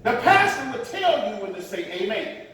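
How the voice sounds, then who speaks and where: High-voiced preacher in an echoey sanctuary. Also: male voice, sing-song, moderate pace, a bit bright, a little hiss or hum. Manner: preaching with dramatic swings, acting out voices; repeats "watch this" as a refrain. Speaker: pastor. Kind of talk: sermon. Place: large church sanctuary. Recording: echoey hall, picked up from a distance.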